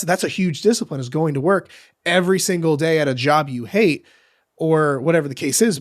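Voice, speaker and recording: A man hosting a podcast, talking loosely with many fillers and restarts. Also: on the high side. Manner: loose, filler-heavy talk. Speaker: podcast host, diet coach. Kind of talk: casual podcast chat.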